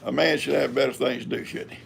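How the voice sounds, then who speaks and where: A man's voice: medium pitch, fairly even intonation, quick pace, gravelly, a little hiss or hum. An older man, hosting a live stream in a rambling, folksy chat and talking to his cats. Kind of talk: casual chat.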